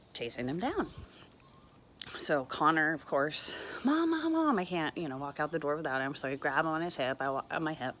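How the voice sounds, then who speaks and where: A mother filmed at home on a handheld phone, recounting a personal ordeal in a halting, earnest way with many fillers. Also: deep voice, slight background noise. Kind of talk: personal storytelling vlog. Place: at home, walking around the house.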